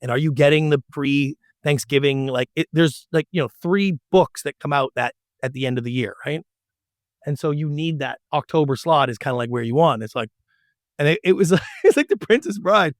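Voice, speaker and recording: Telling tales of his TV-producing years, this middle-aged interview guest animates his stories by imitating the people he quotes. His voice is a little high and quick, captured in clean, dry studio sound.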